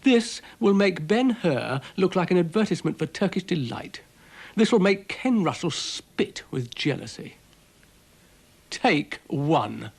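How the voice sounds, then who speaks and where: Pompous grumpy storybook dog, British, slow and lofty, man voicing. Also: high-pitched, very animated, creaky, slightly rough, voice pushed up, full character voice. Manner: pompous, exasperated. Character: grumpy pompous male dog, self-important.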